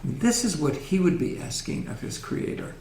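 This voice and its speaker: A man giving a gentle, reflective religious lecture in a synagogue hall, often asking his audience questions. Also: a little high, sing-song, normal speed, a little hiss or hum.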